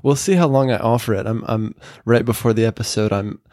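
Male podcast host, relaxed chatty delivery, dry close sound. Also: medium pitch, brisk, no echo. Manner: chatty, many fillers and little laughs. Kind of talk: casual interview chat.

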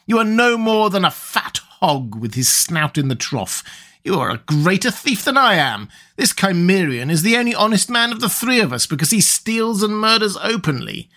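A quick-tongued, scheming nobleman, as a male reader puts him on. He hurls his accusations in a raised, lifted pitch that sits well above the narrator's own voice. It is a plain storybook rendering of a character. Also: very animated, sharp tone, heavily acted. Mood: scornful. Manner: heated, accusing, higher than the narration. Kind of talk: audiobook character reading.

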